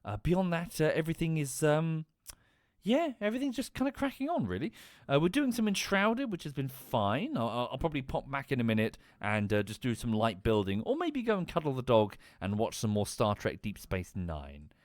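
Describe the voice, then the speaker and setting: A man's voice: mid-range voice, very animated, brisk, no room sound, studio quality. A man livestreaming, chatting casually in a rambling way. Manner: rambling, lots of fillers and restarts. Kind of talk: casual stream chat.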